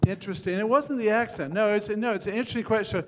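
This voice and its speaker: An older man coaches a founder on his pitch in a frank, joking way, stopping and restarting his sentences. His voice sits fairly high for a man. It is recorded in a hall with a long echo. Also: quick pace, a little hiss or hum. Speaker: venture capitalist giving pitch feedback. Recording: hall reverb.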